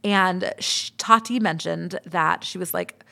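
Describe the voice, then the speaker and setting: A woman's voice: lowish voice, slow pace, gravelly, pushed and bright. A woman in her thirties, a podcast host, telling a personal story in a candid, chatty way and swearing freely. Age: 30s.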